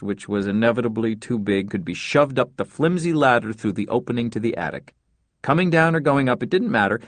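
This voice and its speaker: A man narrating an audiobook in a wry, measured storytelling manner. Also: medium pitch, no room sound. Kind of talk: scripted narration.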